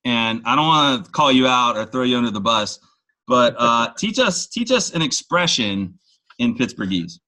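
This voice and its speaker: A man's voice: mid-range voice, very animated, moderate pace, sharp tone, poor audio. A man from the Washington, D.C. area hosting a loose, tipsy conversation, rambling with self-mocking asides. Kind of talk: casual tipsy chat.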